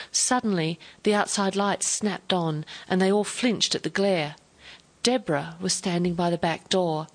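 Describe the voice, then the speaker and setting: A woman narrating a novel in a calm, even storytelling manner. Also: fairly low pitch. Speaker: audiobook narrator. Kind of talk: scripted narration.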